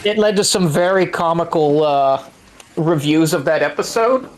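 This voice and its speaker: A man's voice: a little high, normal speed, soft background music. A man co-hosting a game stream in casual chat, telling trivia and swearing freely. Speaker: stream co-host.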